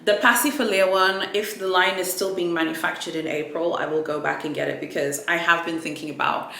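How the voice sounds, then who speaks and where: A woman vlogger chatting casually through an unboxing, animated and full of fillers. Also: on the low side, a little fast, creaky. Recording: echoey room with faint ambient noise.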